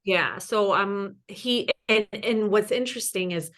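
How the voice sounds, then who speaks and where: A woman's voice: medium pitch, a little slow, a bit bright. A woman in her thirties, a podcast guest, chatting casually and rambling with many fillers. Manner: rambling, lots of "like" and "you know". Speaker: podcast guest, ghost hunter. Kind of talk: casual chat.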